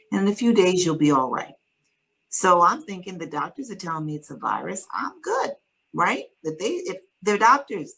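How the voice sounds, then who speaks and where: A woman earnestly telling a personal story in conversation, measured and steady, with pauses to find her words. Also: low voice, creaky, husky, low-quality recording. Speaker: guest sharing her story.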